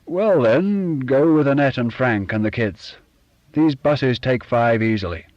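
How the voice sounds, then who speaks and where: Brisk, commanding middle-aged man sorting out the relatives, read by a male narrator; dry, close recording. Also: mid-range voice, animated, no room sound, dull audio, pitched above the performer's own voice, natural voice.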